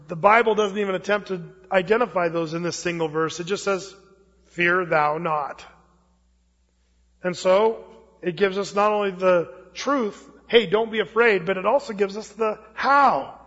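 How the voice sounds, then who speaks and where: Male pastor, high voice, casual sermon delivery, long hall reverb on a muffled recording. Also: a bit bright. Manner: conversational preaching with folksy asides.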